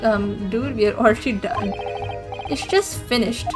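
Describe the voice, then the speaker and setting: A woman's voice: fairly high pitch, a little slow, faint music behind. A woman with a strained throat giving casual, slangy asides while playing a game. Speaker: gaming streamer. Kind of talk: let's-play commentary.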